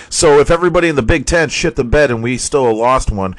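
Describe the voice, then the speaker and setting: A man's voice: mid-range voice, moderate pace, pauses often, no echo. A man hosting a sports podcast, reading college football scores in a casual, profane, ranting manner and laughing at his own slips.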